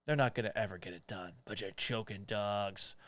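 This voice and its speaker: A man's voice: on the low side, normal speed, fairly bright tone, no room sound. A man hosting a sports podcast, reading viewer comments and answering them in a blunt, joking, profane manner. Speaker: podcast host.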